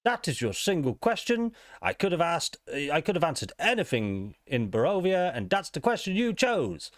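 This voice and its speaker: A man's voice: on the high side, big pitch swings, normal speed, no room sound, clean studio sound, pitched above the performer's own voice. A man voicing a stiff, formal male warforged robot card dealer in a tabletop game.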